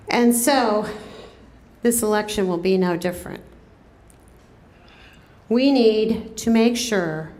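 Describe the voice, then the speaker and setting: A woman's voice: medium pitch, a little mellow. A woman giving a political rally speech as a campaign co-chair, rousing the crowd and drawing out her words. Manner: rousing, drawn-out delivery with rising calls to the crowd. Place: event room at a cafe, crowd present. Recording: echoey room with crowd murmur.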